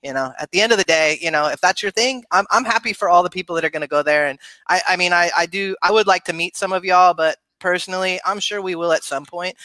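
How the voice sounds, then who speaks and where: Teasing male guest with a bright voice. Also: high voice, fast, hardly any pauses, dry recording. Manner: teasing, laughs at his own jokes. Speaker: podcast guest. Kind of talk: casual podcast chat.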